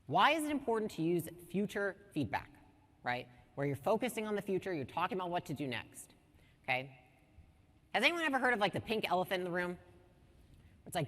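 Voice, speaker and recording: A woman in her thirties giving an energetic business workshop, blunt, swearing casually and asking her audience questions. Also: lowish voice, a little fast, long pauses, long reverb tail. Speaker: business speaker teaching a workshop.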